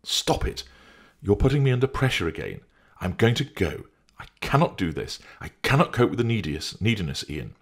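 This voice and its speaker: A man's voice: deep voice, animated, fairly quick, husky, voice pushed up, full character voice. A man voicing an irritated, overwhelmed young mother who pushes her lover away, in an audiobook reading. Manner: curt, exasperated, impatient.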